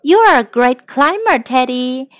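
A woman's voice: high voice, animated, measured pace. A woman voicing a cheerful little robot toy dog, confident and reassuring.

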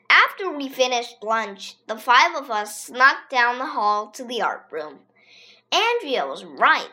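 A child reading a funny children's story aloud in a lively, expressive way. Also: high-pitched. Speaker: reader.

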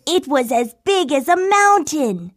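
A woman's voice: high-pitched, sing-song, unhurried, loud music behind the voice. A woman voicing a curious, stubborn older boy frog in a children's storybook, speaking in a playful, insistent way. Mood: earnest. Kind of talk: storybook acting.

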